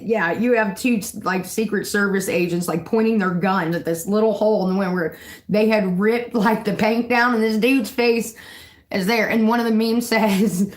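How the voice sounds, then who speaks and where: A woman's voice: mid-range voice, fairly even intonation, moderate pace, rough recording. A woman hosting a casual live stream, telling rambling, profane stories and laughing often.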